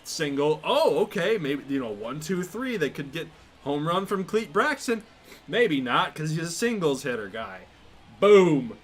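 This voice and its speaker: A man giving casual play-by-play commentary over a baseball video game, excitable and quick to laugh and react to each play. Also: fairly high pitch, slight background noise. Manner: excitable, laughs often, reacts loudly to plays. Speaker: gaming channel host.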